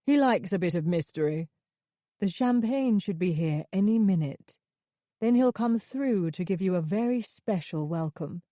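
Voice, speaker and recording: A sinister man in a thriller audiobook, easy and falsely reassuring as he lures someone in, as a woman narrator puts him on. The voice is mellow and warm, recorded dry and close. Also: mid-range voice, lively intonation, moderate pace, no room sound, natural voice. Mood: smooth. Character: smooth, sinister man luring a visitor.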